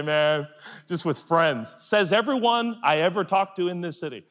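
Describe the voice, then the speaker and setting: Male pastor, animated comic storyteller, lively delivery, recorded in a reverberant hall. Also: sits high, normal speed. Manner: animated, acts out voices for comic anecdotes. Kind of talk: sermon storytelling. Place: large hall with audience.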